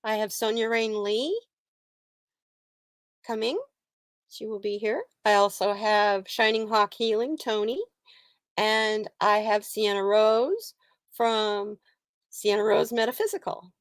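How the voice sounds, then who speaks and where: A woman's voice: mid-range voice, slow pace, pauses often, dry recording. A woman in her sixties hosting a casual live stream, telling a story and breaking off to greet viewers, laughing often. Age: 60s. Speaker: livestream host and card reader.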